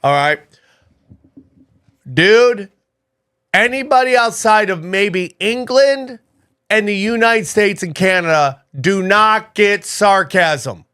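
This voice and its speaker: A man of Armenian heritage hosting a podcast in a casual, animated, rambling way. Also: slow pace, long pauses, smooth. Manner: animated, rambling, jumps up in pitch when excited. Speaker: podcast host.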